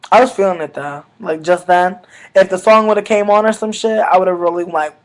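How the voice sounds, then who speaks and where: A man with a high voice and tells a rambling story straight to his viewers. He talks casually and profanely, with animated loud bursts that drop into low mutters. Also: low-quality recording. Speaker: vlogger.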